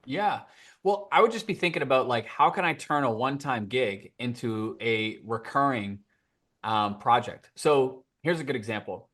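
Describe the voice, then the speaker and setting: A man speaking as a podcast guest, telling lively stories and acting out quoted dialogue. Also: mid-range voice, moderate pace. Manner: animated, acts out quoted dialogue. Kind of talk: storytelling interview answer.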